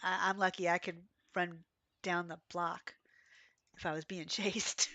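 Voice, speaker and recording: A hoarse, coughing woman game streamer chats casually while playing, rambling from one story to another at a measured pace. Her fairly low voice still sounds bright and a little sharp despite the illness. The sound is close and dry, with no room around it.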